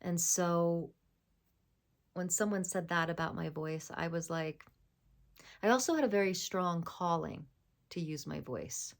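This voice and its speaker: A woman speaking as a spiritual voice coach, gentle and affirming, sometimes dropping into a soft whisper. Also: on the low side, a little slow, creaky, long pauses. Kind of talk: spiritual self-help talk.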